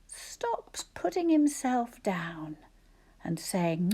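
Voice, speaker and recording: A woman teacher with a husky, gravelly voice dictates spelling sentences at a very slow pace. She breaks words into sounds and syllables, often dropping to a whisper. Her pitch sits low but moves a lot. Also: very animated, darkish tone. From Scotland.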